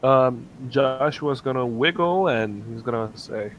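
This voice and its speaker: A man playing a tabletop game, playful, laughing and acting out his character's shouts. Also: mid-range voice, animated, measured pace, dull audio, a little hiss or hum. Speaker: player. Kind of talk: casual tabletop game play.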